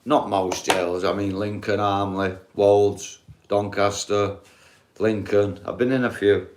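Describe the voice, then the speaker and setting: A man's voice: on the low side, level tone, slow pace, noisy background. A middle-aged man, talking bluntly and swearing as he rambles through a casual live stream chat. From England. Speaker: livestreamer.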